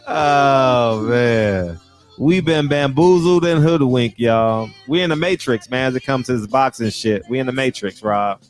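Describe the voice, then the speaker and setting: A man's voice: medium pitch, expressive, measured pace, faint music behind. A man hosting a casual livestream, chatting animatedly, laughing often and reading out viewer comments. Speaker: livestream host.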